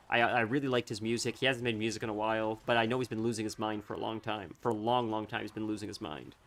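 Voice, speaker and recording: A man streaming a game, chatting casually, thinking out loud in a rambling way and laughing easily. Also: mid-range voice. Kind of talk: casual chat while gaming.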